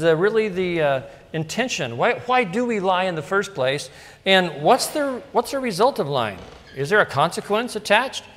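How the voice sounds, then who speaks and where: Chatty pastor preaching in a reverberant hall. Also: male voice, a little high, a bit bright. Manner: casual and storytelling, with frequent asides and rhetorical questions. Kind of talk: conversational sermon. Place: church sanctuary.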